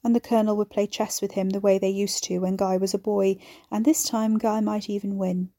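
Mellow-voiced woman narrating a story. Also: medium pitch, little pitch movement, brisk, no room sound, clean studio sound. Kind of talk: audiobook narration of a serialized story.

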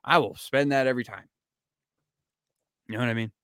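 A young man tells a story on a casual podcast, swearing freely and acting out what everyone said. His voice comes through smooth and resonant. The sound is close and dry. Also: mid-range voice, fairly quick, no room sound. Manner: animated storyteller who acts out quotes. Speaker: podcast host. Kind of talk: casual chat, profane storytelling.

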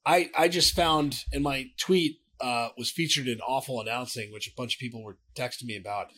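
Husky-voiced man in casual sports chat. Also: mid-range voice, fairly quick. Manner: animated, profane, trails off and restarts. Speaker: sports podcast co-host.

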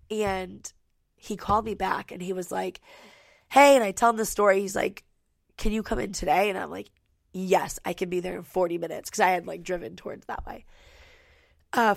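A young woman in her twenties hosting a podcast from her home studio, rambling in a friendly, filler-heavy way. Her voice has a noticeable vocal fry and a slightly stuffy nose. The sound is dry and close, with no room echo. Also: mid-range voice. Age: 20s. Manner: chatty, lots of "like" fillers. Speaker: podcast host. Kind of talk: casual podcast chat.

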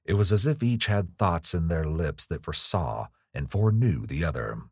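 A man narrating a gothic ghost story in a measured, somber tone. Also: low-pitched, animated, slightly rough, no room sound, studio quality. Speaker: audiobook narrator. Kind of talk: scripted narration.

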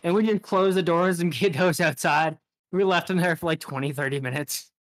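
Laid-back young man, fairly high voice. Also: a little fast. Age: 20s. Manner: laid-back, brief reactions. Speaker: podcast co-host. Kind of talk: casual chat.

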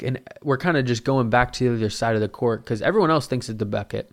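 A man's voice: medium pitch, animated, a little fast, few pauses. A man casually telling a story at home into a mic, rambling and cursing freely as he acts out what people said. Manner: rambling and profane, acting out quotes.

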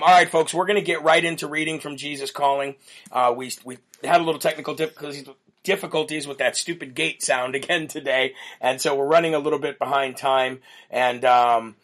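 A man's voice: mid-range voice, a bit bright. A middle-aged American man hosting a live talk show, rambling and repeating words in an earnest, folksy way. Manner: folksy and religious, addresses "folks". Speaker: host.

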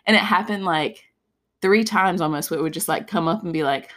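A woman's voice: on the low side, quick pace, fairly bright tone. A woman co-hosting a podcast, telling a personal story in candid casual chat, peppered with "like". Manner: candid storytelling, heavy use of "like", swearing.

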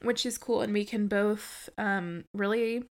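A woman's voice: medium pitch, fairly even intonation, a little slow. A woman co-hosting a horror podcast, chatting casually and enthusiastically, swearing now and then. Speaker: podcast co-host. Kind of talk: casual chat.

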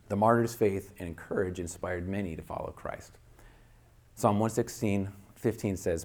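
A man's voice: fairly low pitch, darkish tone. A man preaching a sermon, reading a martyr story aloud with earnest, rising emphasis.

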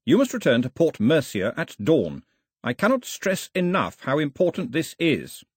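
A man voicing an officious shouting company agent. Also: on the high side, big pitch swings, normal speed, slightly rough, no echo, clean studio sound, pitched above the performer's own voice. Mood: commanding. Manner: shouting through a megaphone, officious.

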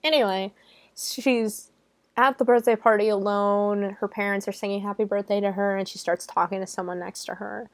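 A young woman recaps a movie in a loose, chatty way, laughing between thoughts and leaning on "like". Her voice sits in an ordinary middle pitch. The sound is close and dry, with no room around it. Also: steady tone, normal speed, no echo. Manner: chatty and giggly, heavy use of "like". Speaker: movie reviewer.

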